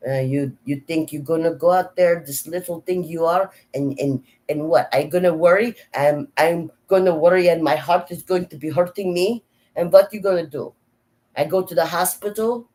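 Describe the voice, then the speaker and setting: A woman's voice: lowish voice, moderate pace, darkish tone, pitched above the performer's own voice, close to an everyday voice. A woman voicing a stern, protective old grandmother with a thick Slavic accent and broken English, scolding and insistent. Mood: worried scolding. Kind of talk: impersonation in a vlog.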